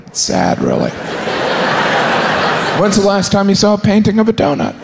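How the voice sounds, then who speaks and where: Lively male comic with loud background noise. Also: sits high, moderate pace, gravelly. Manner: absurd, playful jokes. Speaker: stand-up comedian. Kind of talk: stand-up comedy.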